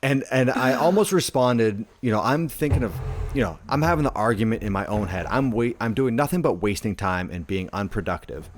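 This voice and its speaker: A man's voice: medium pitch, animated, fairly quick, a little hiss or hum. A man co-hosting a podcast, telling a story in a laid-back casual chat, full of filler words. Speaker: podcast co-host.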